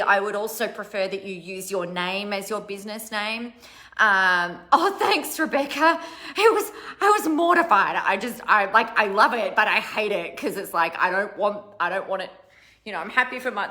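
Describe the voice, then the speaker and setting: A woman's voice: medium pitch, pushed and bright. A middle-aged woman coaching online followers in a casual talk, chatty and self-mocking, laughing often and breaking off mid-sentence.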